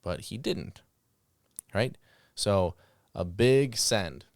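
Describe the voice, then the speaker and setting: A man's voice: fairly low pitch, extremely slow, no room sound, clean studio sound. A man hosting a podcast, casually telling dog-training stories and acting out the commands he called out. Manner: animated, acts out commands and reactions.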